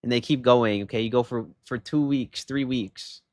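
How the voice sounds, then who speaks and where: A young man chatting casually on a livestream, telling a story in an animated way and rising into loud exasperation. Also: mid-range voice, normal speed, dry recording, studio quality. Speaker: live streamer.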